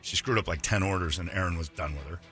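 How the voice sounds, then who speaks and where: A man's voice: sits low, fast, fairly bright tone, soft background music. A man hosting a radio show, telling a long rambling story in a casual, anecdotal way with restarts and asides.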